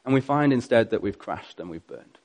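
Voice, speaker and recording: A male preacher retelling a story in an earnest sermon, swinging between loud passages and hushed ones. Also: mid-range voice, expressive, brisk.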